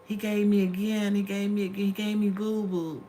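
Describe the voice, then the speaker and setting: A woman's voice: mid-range voice, flat delivery, normal speed, mellow, a little hiss or hum. A middle-aged woman hosting a casual livestream from home, telling stories in a chatty way and calling her viewers honey and y'all. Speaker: livestream host.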